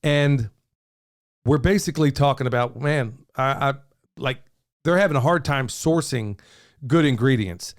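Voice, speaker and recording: A man's voice: mid-range voice, a little slow, pauses often. A middle-aged man, hosting a casual podcast in an upbeat, folksy way. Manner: folksy, upbeat, says "y'all" often. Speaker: podcast host.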